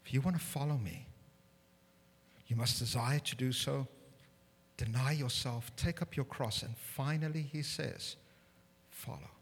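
A man preaching a sermon in a church, animated and humorous with self-deprecating asides, building to loud emphatic peaks. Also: mid-range voice, unhurried, vocal fry, long pauses, slightly rough. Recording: long hall reverb.

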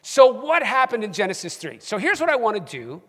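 A man preaching a sermon to his church congregation with animated emphasis. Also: high voice, a little fast, breathy edge, long reverb tail. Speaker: pastor. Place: church sanctuary.

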